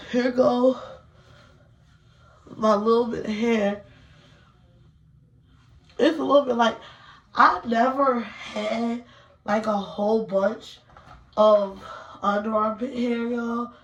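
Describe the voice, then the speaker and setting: A woman's voice: a little high, steady tone, slow pace, long pauses. A young woman chatting nervously to viewers in a casual home vlog. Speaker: beauty vlogger. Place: indoors at home.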